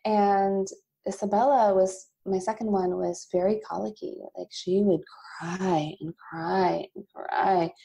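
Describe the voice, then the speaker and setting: A woman in her thirties, a company founder and podcast guest, telling a candid personal story with bursts of laughter and animated asides. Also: mid-range voice, takes it slowly, vocal fry. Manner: emotional, laughs often, quotes God in animated asides.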